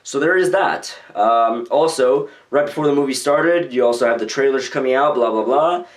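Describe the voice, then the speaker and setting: A young American man rambles casually in his own video blog, using loose phrasing and plenty of fillers. His voice is medium-pitched and he talks at a normal speed.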